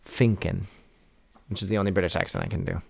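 A man's voice: low voice, little pitch movement, rapid-fire, gravelly, a little mellow, husky. A young man chatting casually as a podcast co-host, rambling and wry, with lots of fillers and restarts. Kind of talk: casual chat.

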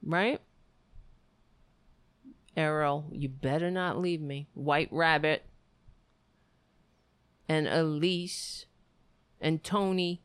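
A woman's voice: sits low, steady tone, extremely slow, pauses often, smooth, no room sound. A woman hosting a livestream, rambling and venting affectionately to her viewers as she signs off. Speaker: livestream host. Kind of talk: casual stream sign-off chat.

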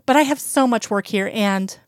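A woman voicing a weary, reluctant female agent in a story reading, flat and tired. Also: fairly high pitch, normal speed, smooth, no echo, clean studio sound, close to an everyday voice.

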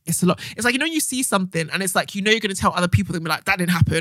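A young woman, co-hosting a podcast and telling stories with animated acted-out quotes. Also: medium pitch, racing, no room sound, studio quality. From England. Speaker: podcast co-host. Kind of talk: casual chat.

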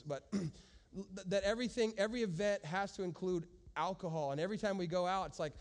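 A pastor preaching a sermon to a congregation, speaking emphatically and addressing the listeners directly. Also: male voice, sits high, darkish tone. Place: church service with a congregation.

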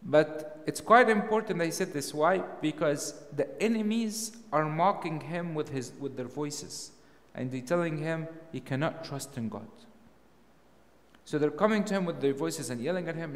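A man preaching a sermon, emphatic and full of rhetorical questions, his voice rising to loud peaks. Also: fairly high pitch, moderate pace, in a large hall.

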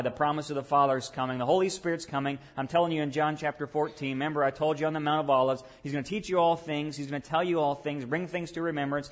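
A man's voice: a little high, fairly even intonation, brisk. Man preaching with rising emphatic bursts. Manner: preaching with sudden loud emphatic rises and hushed drops. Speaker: pastor. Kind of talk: sermon.

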